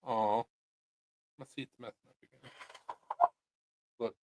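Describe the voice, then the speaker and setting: A man's voice: medium pitch, steady tone, slow pace, darkish tone, low-quality recording. A man hosting a casual livestream, chatting in a laid-back, rambling and jokey way. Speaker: livestream host. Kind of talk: casual chat.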